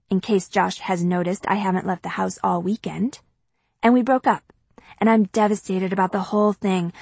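A woman's voice: medium pitch, no echo. A woman narrating a first-person audiobook in a chatty, confiding way.

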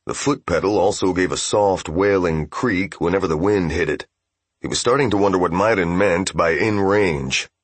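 A man narrating a fantasy game novel as an audiobook, in steady, even storytelling. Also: sits low, normal speed, husky, no echo.

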